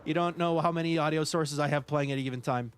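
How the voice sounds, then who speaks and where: Fast-talking in a steady, slightly high voice, a man chats casually while streaming a building game live and thanks viewers by name as he reads them out. The sound is clean with no echo.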